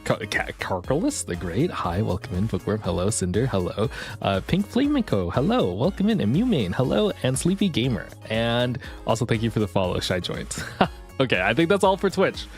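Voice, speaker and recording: A man's voice: lowish voice, big pitch swings, moderate pace, soft background music. A man hosting a casual live stream, greeting chatters one by one and cracking self-deprecating jokes. He sounds a little out of breath. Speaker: livestream host.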